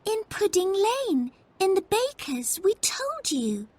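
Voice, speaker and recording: A woman voicing a bright, confident young girl, speaking high and excitedly for a storybook reading. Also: slow, heavily acted. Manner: high, excited childlike pitch.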